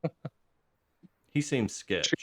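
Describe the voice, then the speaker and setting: A man playing in a tabletop game, cracking jokes during table banter. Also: very slow. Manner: wisecracking, lively pitch. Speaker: player.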